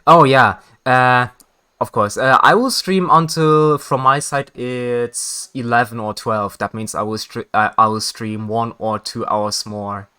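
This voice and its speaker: A man's voice: medium pitch, unhurried, sharp tone, smooth. A man streaming a video game, chatting casually with viewers, often laughing and correcting himself. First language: German. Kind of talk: casual game stream chat, reading dialogue aloud.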